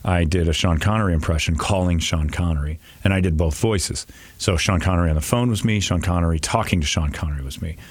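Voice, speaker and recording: A man's voice: low-pitched, fairly quick. A middle-aged man, a radio host, telling rambling, profane, self-deprecating stories in casual chat.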